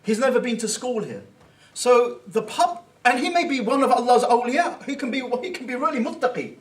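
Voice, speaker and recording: A man giving an informal Islamic Sunday talk, conversational and thinking out loud, with Arabic phrases mixed in. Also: very high voice, animated, brisk, distant mic. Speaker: Islamic teacher. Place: Islamic centre hall.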